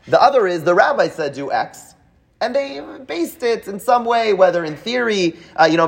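A man with a somewhat high voice leads a live class, talking it through in a loose, explanatory way. He restarts often and keeps checking in with his students. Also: husky. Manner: explanatory, many fillers and restarts, asks rhetorical checks. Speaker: teacher leading a Talmud class.

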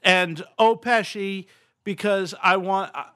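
A man's voice: sits high, steady tone, slow, fairly bright tone, smooth. A man hosting a casual podcast chat and running the game, rambling and easygoing with frequent chuckles.

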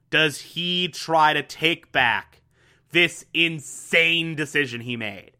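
A man's voice: fairly high pitch, slow pace, pushed and bright, smooth. A young man casually recapping a TV show, enthusiastic and repetitive, with lots of fillers. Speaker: TV recap host.

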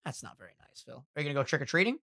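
A young man co-hosting a podcast, casual and profane, quick with jokes and bits. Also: medium pitch, big pitch swings, creaky, pushed and bright, dry recording, clean studio sound. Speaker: podcast co-host.

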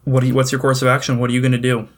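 A man running a tabletop game as game master, narrating scenes in a measured, descriptive way. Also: mid-range voice, monotone, a little hiss or hum. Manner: measured descriptive storytelling with occasional fillers.

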